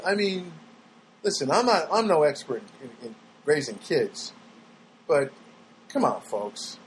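High-voiced man ranting sarcastically about daily life, faint noise behind; casual monologue read. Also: measured pace, long pauses, poor audio. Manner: rambling with restarts. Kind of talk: storytelling monologue.

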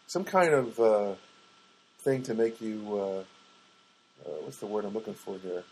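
Podcast host, male, husky voice, rambling self-mocking storyteller. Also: expressive, measured pace, a little mellow, poor audio. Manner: rambling, self-mocking, mimics others in a high voice. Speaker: podcast host and stand-up comic. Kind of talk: casual storytelling monologue. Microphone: podcast microphone.

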